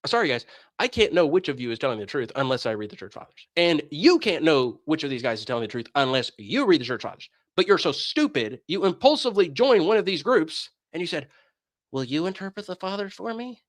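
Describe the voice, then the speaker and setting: A man's voice: on the high side, big pitch swings, quick pace, dry recording, clean studio sound. A man streaming a casual commentary rant in a sarcastic, mocking manner.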